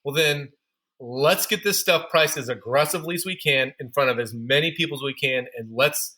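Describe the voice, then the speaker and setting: Bright-voiced man telling candid stories. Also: on the high side, moderate pace. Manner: candid, self-deprecating storyteller. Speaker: podcast guest, running store founder. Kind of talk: storytelling in a podcast interview.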